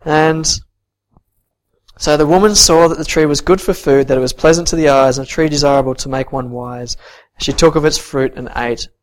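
A man preaching a sermon and reading scripture, earnest, swinging from soft to emphatic. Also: fairly high pitch, fairly even intonation, normal speed.

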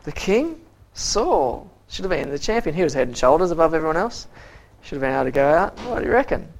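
Bible story lesson, quizzing the listeners, quoted character voices, halting repeated words. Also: mid-range voice, big pitch swings.

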